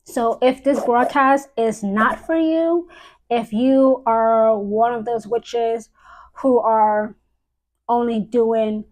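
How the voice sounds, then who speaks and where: A woman speaking as a high priestess on a live stream, solemn and deliberate, repeating key phrases for emphasis. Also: steady tone, darkish tone, poor audio. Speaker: witch giving a live-stream talk.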